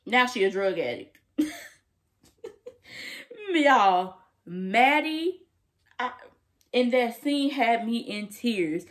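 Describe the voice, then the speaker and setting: A young woman casually recapping a TV episode to camera, animated and emphatic, full of slang and laughter. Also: medium pitch, unhurried, long pauses. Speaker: TV episode reviewer.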